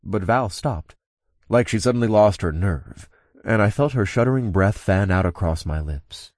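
A man's voice: on the low side, lively intonation, moderate pace, a little mellow, no echo, studio quality. A young man narrating a first-person audiobook in an easygoing, lightly amused way, also speaking the narrator's own lines.

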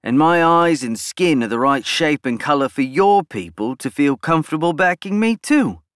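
A man's voice: lively intonation, normal speed, fairly bright tone, clear, resonant tone, no room sound, studio quality. A man doing a brash, boastful schemer. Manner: snapping, boastful, raised pitch. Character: brash arrogant male politician, scheming.

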